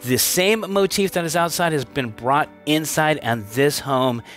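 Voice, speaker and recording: A man's voice: fairly high pitch, unhurried, a bit bright, soft background music. An enthusiastic man hosting a casual walkthrough of a home, chatty and upbeat, stumbling into restarts now and then. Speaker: home tour host. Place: inside a manufactured home at a show.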